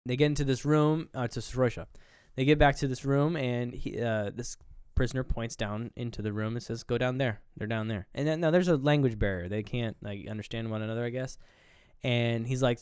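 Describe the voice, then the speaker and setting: A man's voice: medium pitch, moderate pace, darkish tone, clear, resonant tone, no echo, studio quality. Casual man retelling a movie scene. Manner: retells scenes acting out characters' lines, swears casually. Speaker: podcast co-host.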